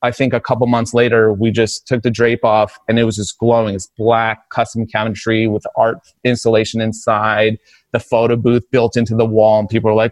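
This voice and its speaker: A man's voice: on the low side, brisk, no room sound. A man in his forties, a podcast guest, telling a story in a casual way and acting out the voices he quotes. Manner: animated, acts out quoted voices. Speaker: streetwear brand founder, podcast guest. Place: podcast studio.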